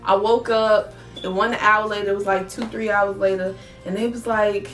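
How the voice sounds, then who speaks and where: A young woman vlogger, telling her story in a blunt, profane, animated way. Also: medium pitch, normal speed, soft background music. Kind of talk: casual storytelling vlog.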